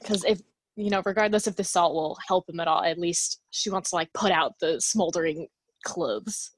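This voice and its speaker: A woman's voice: fairly low pitch, normal speed, slightly rough, dry recording. A woman player in a tabletop role-playing game, speaking casually and with some hesitation.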